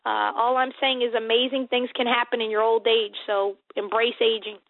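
In a faith-based interview, an American woman in her forties, a guest author, speaks with earnest emphasis and circles back over her words while thinking. Her slightly high voice has little pitch movement and normal speed, squeezed through a tinny phone-like line that's dry with no echo.

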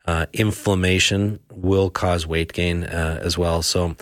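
A man working as a health practitioner on a radio talk show, explaining causes and remedies in a halting way with many fillers and restarts. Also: low voice, steady tone, dry recording, studio quality. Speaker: health practitioner answering listener questions.

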